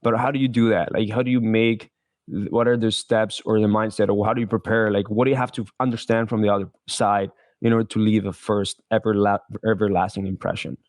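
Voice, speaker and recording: Low-voiced man hosting a podcast. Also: level tone, a little fast, a little mellow, no echo, clean studio sound. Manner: searching, rephrases his questions. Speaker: podcast host. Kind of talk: casual podcast interview.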